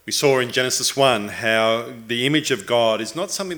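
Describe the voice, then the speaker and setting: A man giving measured, explanatory sermon teaching as a preacher. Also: medium pitch, fairly bright tone.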